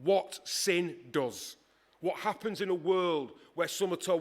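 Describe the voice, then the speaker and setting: A man preaching a sermon in a conversational, emphatic way, with dramatic pauses. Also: sits high.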